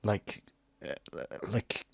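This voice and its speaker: A man's voice: very slow, no echo, clean studio sound. An Irish man co-hosting a podcast in casual chat, emotional and rambling, swearing freely and stumbling over his words. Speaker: podcast co-host.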